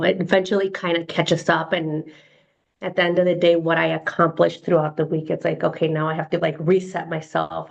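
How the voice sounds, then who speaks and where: A woman speaking on a video call in a hesitant, halting way, full of fillers. Her voice is low and gravelly. The call audio sounds dull and lo-fi. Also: darkish tone. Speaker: session participant. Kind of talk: casual talk on a video call.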